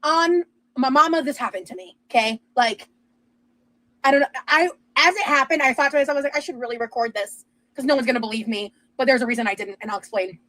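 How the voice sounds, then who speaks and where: A woman's voice: sits high, fast, pushed and bright, dry recording, poor audio. A young woman telling a rambling personal story in casual chat, with lots of fillers and restarts. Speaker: streamer and podcast host.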